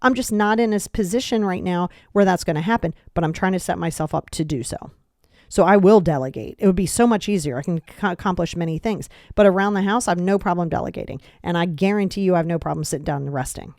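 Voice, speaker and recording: A young adult woman hosting a podcast, giving blunt, animated self-help advice in a casual way with mild swearing. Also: on the low side, fast, dry recording, studio quality. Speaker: podcast host. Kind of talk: casual motivational talk.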